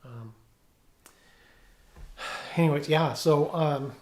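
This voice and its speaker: A middle-aged police officer giving a personal testimony at home, talking haltingly with many fillers and restarts. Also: male voice, on the high side, a little mellow, roomy sound, slight background noise. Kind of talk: personal testimony, reading from notes. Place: room at home.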